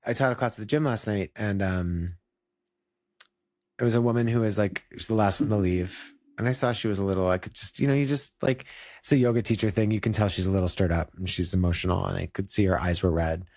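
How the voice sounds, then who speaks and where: A man's voice: lowish voice, fast, darkish tone, no room sound. A man who teaches yoga, chatting casually and reflectively, full of "like" fillers and restarts. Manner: rambling, many "like" fillers and restarts. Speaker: yoga teacher and podcast co-host.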